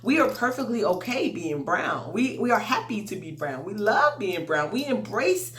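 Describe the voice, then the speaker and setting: A woman's voice: medium pitch, normal speed. A woman who teaches English online tells stories about her students in a casual, chatty way, speaking straight to her viewers. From United States. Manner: animated, chatty, addresses viewers directly. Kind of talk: casual vlog storytelling.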